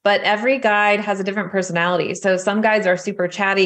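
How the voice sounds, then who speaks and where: A woman's voice: mid-range voice, fairly even intonation, fast, a bit bright. A woman guest explaining spiritual guides in a chatty, easygoing conversation. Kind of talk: casual chat.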